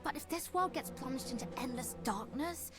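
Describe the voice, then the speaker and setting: A woman's voice: high-pitched, lively intonation, normal speed. A woman voicing a kind, sensible female fairy in a game, talking earnestly and persuasively, with game music behind her.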